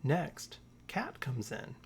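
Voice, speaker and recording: A father reading a children's storybook aloud in a gentle, measured way. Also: mid-range voice, huge pitch swings, slight background noise.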